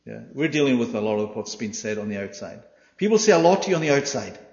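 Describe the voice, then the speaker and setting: A man preaching a sermon in an animated way, swinging from loud to hushed, acting out the quoted voices and asking the room "yeah?". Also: medium pitch, quick pace. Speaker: pastor. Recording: dull, echoey hall recording.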